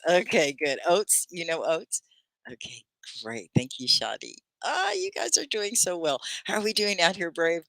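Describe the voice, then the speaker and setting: An older woman teaching English on a live stream, chatty and animated, asking her viewers one question after another and reading out their comments. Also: low-pitched, dry recording. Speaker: ESL teacher.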